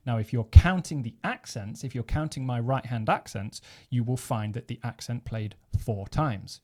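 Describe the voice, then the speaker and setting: A man's voice: medium pitch, normal speed, hardly any pauses, faint music behind. A man teaching snare drum technique, explaining step by step and counting beats aloud as he plays. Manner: methodical, counts beats aloud while playing. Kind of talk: instructional explanation.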